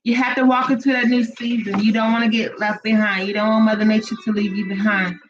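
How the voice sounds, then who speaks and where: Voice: mid-range voice, flat delivery, fast talker. A co-host of a live spiritual reading stream, chatting casually and encouragingly while greeting viewers and teaching. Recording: dull lo-fi livestream audio with faint music.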